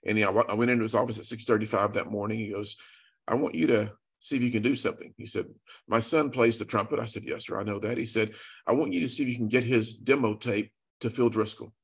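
A man's voice: fairly low pitch, steady tone, quick pace, husky. A man telling an earnest, dramatic testimony as a guest, acting out the dialogue. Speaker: guest speaker. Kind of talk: storytelling testimony.

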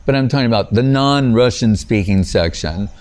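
A man's voice: medium pitch, animated, normal speed, darkish tone. A man with a mid-range voice gives an informal spiritual talk as a teacher. He rambles through anecdotes, often breaking off mid-thought and restarting, with "you know" scattered throughout. He chuckles at his own stories.

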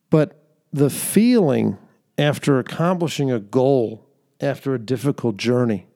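A young man hosts a podcast, his mid-range voice carrying a darkish tone. He tells an earnest, faith-based story in a reflective monologue, with fillers and laughter along the way.

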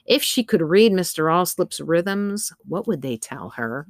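A woman with a low voice narrates a children's storybook in a steady storytelling manner. The recording is close and dry. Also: measured pace, dry recording. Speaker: audiobook narrator. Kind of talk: scripted narration.

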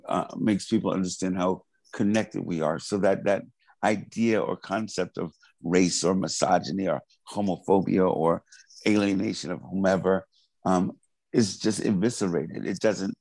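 With a low, creaky, darkish voice at a moderate pace, a male artist guest talks passionately in an interview, frequently restarting and repeating himself. The audio is rough, with no echo.

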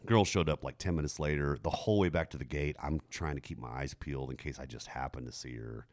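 A middle-aged man, telling a story in casual chat, jumping high in pitch when he quotes a woman. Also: fast, darkish tone. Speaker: podcast co-host telling a story.

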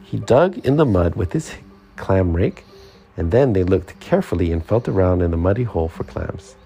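Gravelly, expressive man reading a storybook. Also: low-pitched, normal speed, faint music behind. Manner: expressive, sing-song storytelling. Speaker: storybook reader. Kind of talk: reading a children's picture book aloud.

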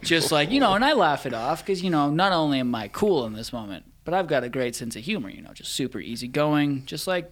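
A man's voice: fairly high pitch, fairly quick, hardly any pauses. Young man telling an embarrassing story. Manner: animated, laughs through the telling. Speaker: guest storyteller. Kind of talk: casual storytelling.

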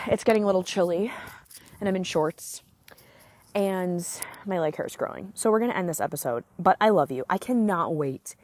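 A woman hosting a solo podcast, talking candidly and excitedly as a business coach, often swearing and filling with "like" and "right?", recorded outdoors. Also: lowish voice, normal speed. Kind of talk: casual solo podcast monologue.

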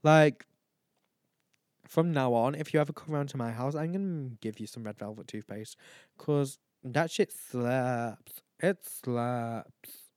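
A man's voice: medium pitch, slow pace, a little mellow, dry recording, clean studio sound. A tired, tipsy man rambling and swearing as he hosts his own chat show. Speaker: podcast host. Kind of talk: casual solo chat.

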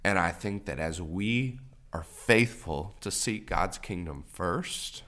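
A man's voice: low-pitched, lively intonation, slow pace, bright, forceful tone. A man co-hosting a faith-based podcast, talking earnestly with repeated encouraging phrases. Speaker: podcast co-host.

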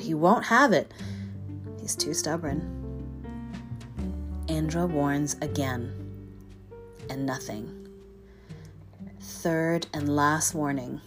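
A woman telling a myth in an expressive storytelling voice that sometimes drops to a whisper. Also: sits low. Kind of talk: dramatic storytelling. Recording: guitar music behind.

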